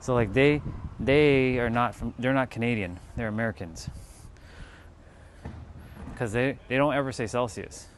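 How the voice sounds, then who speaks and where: Casting: male livestream host, talks casually mid-workout, middle pitch, faint outdoor noise. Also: unhurried, long pauses. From California. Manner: chatty, counting reps between breaths. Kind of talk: casual livestream chat while exercising. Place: outdoors in hot weather.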